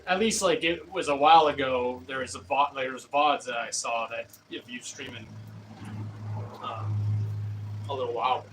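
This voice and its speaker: A man's voice: medium pitch, normal speed, a bit bright. A man streaming himself at a pottery wheel, chatting with viewers in a rambling, hesitant way full of fillers and restarts. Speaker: pottery livestreamer. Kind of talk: casual chat with live chat while throwing pottery. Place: pottery studio with a wheel running. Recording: distant mic with faint room noise.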